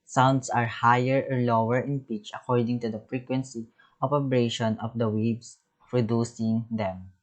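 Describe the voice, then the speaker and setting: A man teaching a music lesson, reading terms and definitions from slides in a halting way, often restarting words. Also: medium pitch, level tone, low-quality recording.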